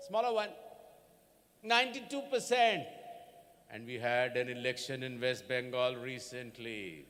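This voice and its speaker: A man's voice: sits high, a bit bright, long reverb tail. A man giving a convocation address to students, speaking in an emphatic way and asking many rhetorical questions. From India. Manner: slow, emphatic, repeats 'sir' and rhetorical questions. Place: large hall.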